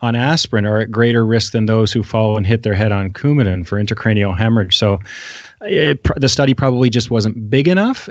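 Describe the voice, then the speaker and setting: A man on a medical panel critiquing studies in a wry, animated way, laughing often and making quick asides. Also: mid-range voice, no echo. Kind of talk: casual panel discussion. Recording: dull lo-fi sound.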